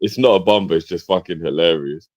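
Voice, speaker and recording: A man's voice: low-pitched, fast talker. A man co-hosting a casual football live stream, telling stories with slang. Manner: relaxed storytelling banter with slang.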